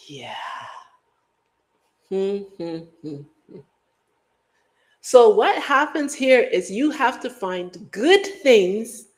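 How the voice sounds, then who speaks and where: Middle-aged woman from Guyana, livestream host, loose playful rambling, slightly high voice. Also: big pitch swings, drawn-out words, pauses often. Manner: rambling, playful, breaks into sung beats and mock accents. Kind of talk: casual chat.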